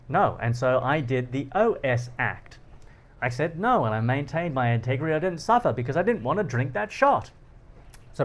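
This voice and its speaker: Animated man explaining ideas with anecdotes. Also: fairly high pitch. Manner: animated, laughs often, acts out quoted lines. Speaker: philosophy channel host. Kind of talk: explanatory monologue with personal anecdotes.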